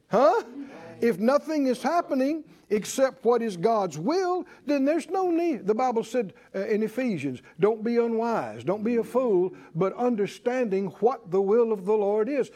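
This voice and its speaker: A man preaches a sermon with a high-pitched voice. He talks in rhythmic call-and-response, rising to bursts of emphasis and then dropping low and soft. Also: lively intonation, measured pace.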